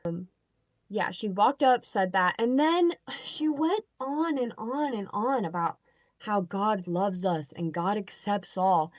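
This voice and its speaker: A young adult woman telling a story in a casual, animated rant, with lots of "like" and "um" and an exasperated edge. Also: mid-range voice, slow, no echo. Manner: animated, filler-heavy, exasperated. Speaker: vlogger.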